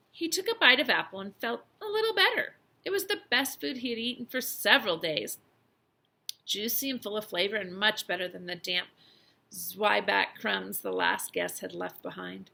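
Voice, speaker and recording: A woman teacher reading a children's novel aloud, with expressive storytelling and lively emphasis. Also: mid-range voice, gravelly.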